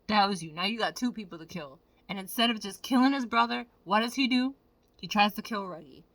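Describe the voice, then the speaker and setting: A woman vlogger giving animated, profane, casual commentary straight to her viewers. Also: medium pitch, a little fast, no room sound.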